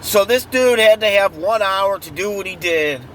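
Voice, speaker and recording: A man's voice: high voice, normal speed, fairly bright tone. A man in an angry, profane true-crime rant, heated and repetitive, recorded outdoors near traffic. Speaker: vlogger.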